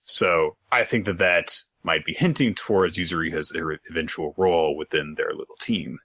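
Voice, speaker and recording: Low-voiced man recapping manga casually. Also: bright, forceful tone, husky, no room sound. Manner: recaps plots with quick acted-out quotes and laughter. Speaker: podcast co-host. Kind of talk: casual chat.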